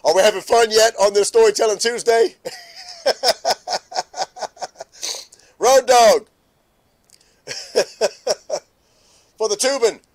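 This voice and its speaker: A middle-aged man hosts a laid-back morning live stream, chatting and greeting viewers by name while repeatedly bursting into laughter. His voice is high for a man, and he talks slowly with long pauses.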